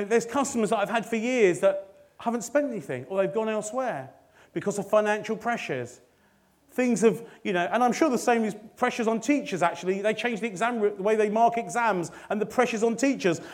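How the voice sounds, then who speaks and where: High-voiced man preaching a chatty sermon. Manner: conversational, jokey and rising to excited. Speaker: lay preacher.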